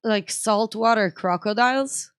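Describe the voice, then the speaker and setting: A woman's voice: fairly high pitch, unhurried, clean tone, no room sound, studio quality. A woman, a podcast guest, chatting frankly with constant "like" fillers and some swearing. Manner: chatty, sprinkles "like", frank and profane. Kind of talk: casual chat.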